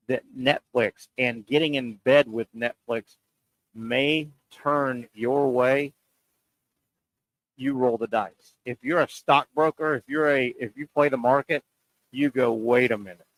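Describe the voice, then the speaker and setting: A man's voice: medium pitch, fairly bright tone, no echo, rough recording. A man hosting a sports talk show, making his point with rhetorical questions and repeating key lines for emphasis. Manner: pauses and stretches words for emphasis.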